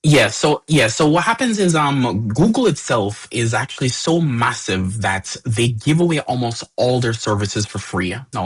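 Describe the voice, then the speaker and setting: A man's voice: mid-range voice, husky. A man co-hosting a casual tech podcast discussion, rambling with frequent restarts and fillers. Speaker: co-host.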